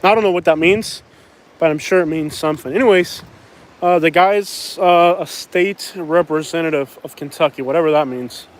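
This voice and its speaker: A man's voice: on the high side, normal speed. A man from Florida with a Florida accent, chatting casually and rambling through a night-walk live stream outdoors, laughing often. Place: outdoors at night in a small town.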